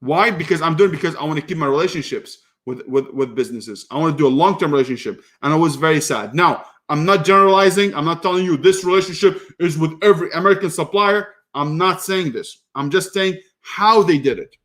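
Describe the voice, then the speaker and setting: Animated man telling business stories. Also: on the high side, brisk, few pauses. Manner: animated storyteller, many restarts, voice rises when annoyed. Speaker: online business educator. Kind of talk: casual talk to camera.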